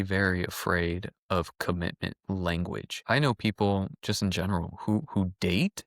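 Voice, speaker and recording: A man's voice: lowish voice, no room sound, studio quality. A man co-hosting a podcast, thinking aloud casually and reflectively with frequent restarts. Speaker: podcast co-host. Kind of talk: casual chat.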